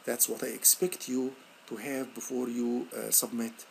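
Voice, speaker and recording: A male instructor talking students through a software lab on screen, thinking aloud with repeated words and many fillers. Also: unhurried, creaky, a little hiss or hum. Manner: lively, rising pitch on praise words. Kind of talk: screen-recorded software tutorial.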